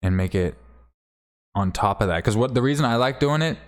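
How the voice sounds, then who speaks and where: A man's voice: mid-range voice, lively intonation, a little fast. A man chatting casually on a livestream while he plays, rambling, swearing now and then and thanking viewers. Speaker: game streamer.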